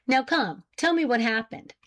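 A woman's voice: high-pitched, moderate pace, pitched above the performer's own voice, close to an everyday voice. Lady reading as a friendly young guy, kind, coaxing, laughs easy, audiobook style. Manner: kindly, coaxing, laughing easily. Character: friendly young man, a cheerful lawyer.

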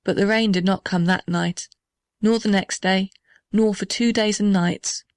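Woman, children's story narration, gentle, dry. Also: medium pitch, fairly even intonation, a little slow, dry recording. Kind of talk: scripted narration.

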